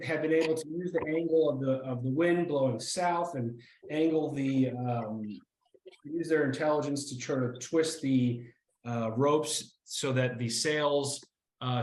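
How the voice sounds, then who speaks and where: Slow, laughing male game master. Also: medium pitch, echoey room, low-quality recording. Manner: halting, often breaks into laughter. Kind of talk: narrating a tabletop game.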